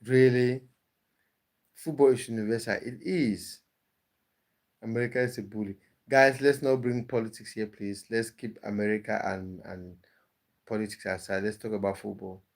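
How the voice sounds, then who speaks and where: A man's voice: on the low side, steady tone, normal speed. A man hosting a casual livestream, chatting with viewers and reading out comments, often repeating words as he restarts. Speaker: livestream host reading chat. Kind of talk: casual live chat.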